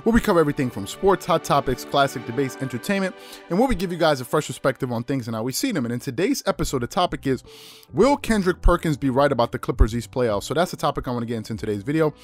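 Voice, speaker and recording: A man hosting a sports talk show, chatting casually with quick, repetitive restarts. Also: medium pitch, big pitch swings, faint music behind. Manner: fast, chatty, repeats and restarts phrases. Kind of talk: casual sports commentary monologue.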